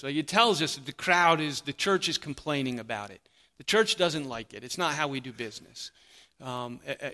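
A man preaching a sermon, animated, acting out the voices of the crowd. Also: fairly high pitch. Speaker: pastor.

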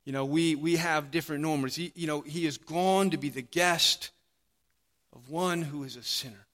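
A man preaching a sermon, animated, acting out the voices of the crowd. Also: on the high side, moderate pace. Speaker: pastor.

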